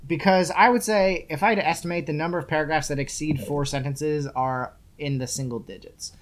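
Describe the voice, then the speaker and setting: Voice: medium pitch, brisk. A young adult podcast co-host talking casually and sarcastically while reviewing a book, rambling and swearing freely. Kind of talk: casual chat.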